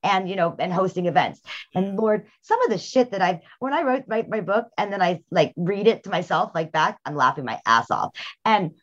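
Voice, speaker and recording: A woman hosting a podcast, telling frank, animated stories in casual chat with bursts of laughter. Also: mid-range voice, normal speed. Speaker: podcast host. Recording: dull lo-fi sound.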